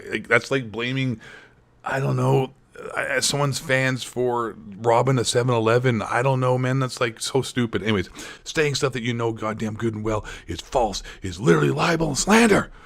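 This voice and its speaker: A man's voice: medium pitch, normal speed, vocal fry, fairly bright tone. A young man hosting a sarcastic commentary vlog, rambling with joking asides. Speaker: gaming commentary channel host.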